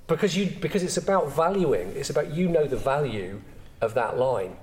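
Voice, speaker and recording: A man's voice: a little high, expressive, normal speed. A male host who teaches comedy explains his points patiently in conversation. Faint room noise sits behind his voice. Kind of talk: casual chat. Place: studio.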